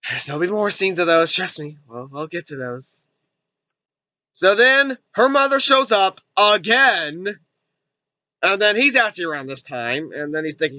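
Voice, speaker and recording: A man's voice: on the high side, animated, normal speed, pushed and bright, no echo, highs cut off. A man reviewing a movie in a casual, rambling recap, full of fillers and loose asides. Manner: rambling, heavy on fillers like "and everything".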